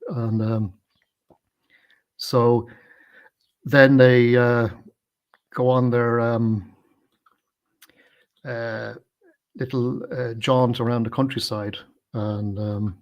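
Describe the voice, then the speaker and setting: Man, gravelly voice, mid pitch, casual film chat, hesitant, lots of fillers. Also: level tone, very slow, pauses often, highs cut off. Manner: hesitant, many fillers and restarts; explanatory, unpacking invented slang. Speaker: film review co-host.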